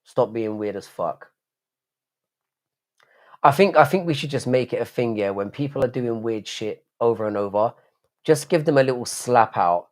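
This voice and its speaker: A man's voice: medium pitch, expressive, a little fast. A man from the United Kingdom hosting a late-night live stream, rambling casually, swearing often and answering chat messages aloud.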